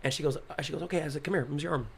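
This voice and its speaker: A man, a pastor, telling a story in casual podcast chat, animated, acting out the quotes and saying "bro" often. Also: a little high, rapid-fire, vocal fry, breathy edge.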